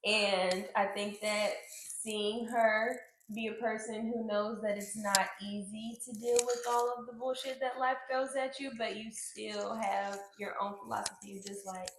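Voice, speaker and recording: A woman's voice: medium pitch, steady tone, a little slow. A woman co-hosting a podcast in casual chat, talking frankly with many fillers and casual swearing. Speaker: podcast co-host. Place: indoor room, on a couch. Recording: echoey room, faint noise.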